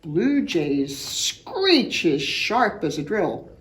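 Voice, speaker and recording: A woman reading a picture book aloud to children, telling the story with animation and imitating bird calls in high, loud chirps. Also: very animated, slow. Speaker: children's art program teacher reading aloud.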